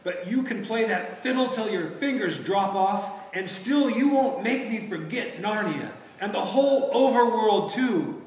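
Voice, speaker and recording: A man's voice: high-pitched, animated, unhurried, few pauses, voice pushed up. A man voicing a gloomy, stubborn male marsh creature who talks as if short of air. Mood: defiant. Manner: strained, short of breath. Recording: echoey room from far off, noisy.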